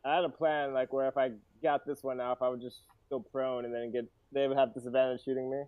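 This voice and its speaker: A man talks through his turn in a tabletop game, casual and rueful. His voice is smooth and resonant, but it comes through tinny and phone-like with a dry sound. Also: mid-range voice, level tone, fast talker, no echo. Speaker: player.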